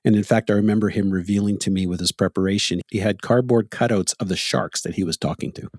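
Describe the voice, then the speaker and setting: A man's voice: lowish voice, fairly even intonation, quick pace, darkish tone, no room sound, clean studio sound. A middle-aged Canadian man hosting a podcast, telling stories in a casual, reflective chat and chuckling often. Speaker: podcast host.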